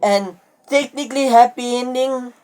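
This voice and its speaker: A woman's voice: on the high side, moderate pace, darkish tone. A woman chatting casually in a reading vlog, thinking aloud as she counts pages, sounding tired and a bit sick. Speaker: book vlogger.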